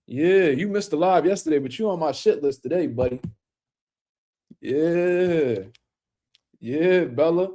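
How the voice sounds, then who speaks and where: A man's voice: a little high, unhurried, pauses often, warm tone. A man hosting a casual boxing livestream, talking loosely in slang and speaking to viewers in the chat.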